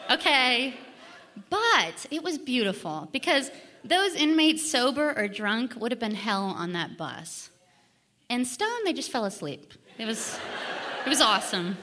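A woman telling a comic personal story on stage, animated and acting out the people she quotes. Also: high-pitched.

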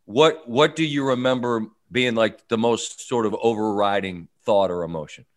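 A man co-hosting a podcast who asks his guest slow, thoughtful questions in a casual interview. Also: fairly low pitch. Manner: thoughtful, builds questions slowly. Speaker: podcast co-host.

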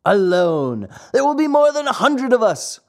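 Narrator doing a boastful runaway boy, coaxing, insistent, lively pitch, storybook. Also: normal speed.

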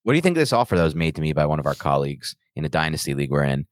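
A man co-hosting a podcast, talking in casual banter that is emphatic and animated, with defensive rants. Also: a bass voice, racing, dry recording. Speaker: podcast co-host.

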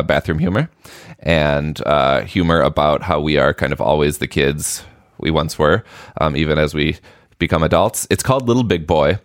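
A man co-hosting a podcast, relaxed and a little hesitant as he introduces a clip. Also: extremely low pitch, no echo, studio quality. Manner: relaxed, hesitant with 'um' and 'uh'. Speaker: podcast co-host. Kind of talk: casual chat.

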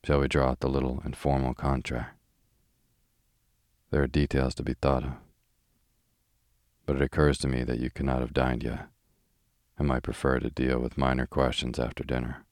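Brief: a man reads a polite, deferential hotel owner, deep, flat and dry-miked. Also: moderate pace, long pauses, no echo. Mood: courteous. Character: courteous suave male hotel owner. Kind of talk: calm audiobook reading.

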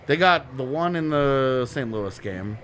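A man co-hosting a casual podcast. He talks in a quick, animated way and laughs often. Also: mid-range voice. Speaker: podcast co-host. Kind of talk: casual chat.

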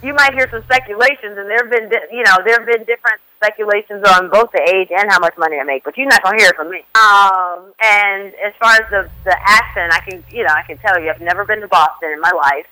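A woman actress chatting playfully as a guest in a radio interview, with lively jumps in pitch. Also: fast talker, hardly any pauses, no echo, poor audio.

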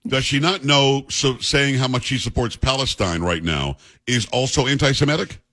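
A man's voice: mid-range voice, moderate pace, a bit bright. A male radio talk show host in blunt, joking, opinionated banter with a co-host. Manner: blunt, joking, self-mocking.

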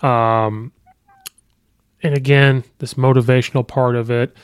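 Smooth-voiced man talking college football. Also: medium pitch, level tone, a little slow, no room sound. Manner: conversational, thinks aloud with ums and you-knows. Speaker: sports podcast host. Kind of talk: casual sports podcast commentary. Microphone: podcast microphone.

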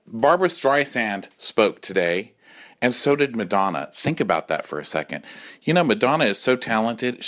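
A man's voice: lowish voice, a bit bright. Campy drunk man with a swooping voice. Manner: campy, sassy, acts out voices. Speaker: caller leaving a voice message. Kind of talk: comic rant.

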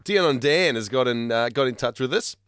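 A man's voice: medium pitch, lively intonation, brisk, fairly bright tone, clear, resonant tone. A man co-hosting a podcast, teasing his friends in a wry, casual way. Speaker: podcast co-host. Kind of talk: casual chat.

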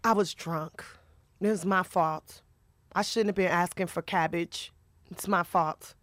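A woman comedian telling a personal story in a candid interview, lively and profane, often acting out the voices of the people in it. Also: on the low side, measured pace, no room sound. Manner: animated, profane, acts out voices in her stories. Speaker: stand-up comedian guest.

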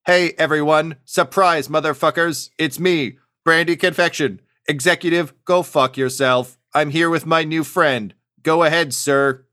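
A man's voice: on the high side, fairly even intonation, a little slow, hardly any pauses, bright, forceful tone, pitched above the performer's own voice. Man voicing a brash, swearing female robot. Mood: gleeful. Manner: crude, gleeful outbursts. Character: damaged female receptionist robot, brash and gleeful.

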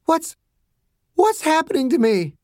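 A man's voice: extremely high pitch, lively intonation, unhurried, dry recording, studio quality, pitched above the performer's own voice. A man voicing a terrified, furious infected teenage girl who screams, sobs and curses. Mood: panicked, hysterical. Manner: screaming, sobbing, cursing.

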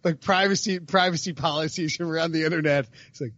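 A man hosting a podcast, talking in a rambling, animated, self-interrupting way. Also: fairly high pitch, quick pace, dry recording, lo-fi sound. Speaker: podcast host. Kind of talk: casual chat.

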